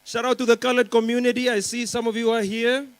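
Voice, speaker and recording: A man's voice: very high-pitched, little pitch movement, fast talker, smooth, no echo, poor audio. A young man from Namibia, performing a rambling stand-up comedy set at a conference and teasing the crowd. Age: young adult. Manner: chatty, rambling, teasing the crowd with lots of fillers. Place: conference stage before a live audience.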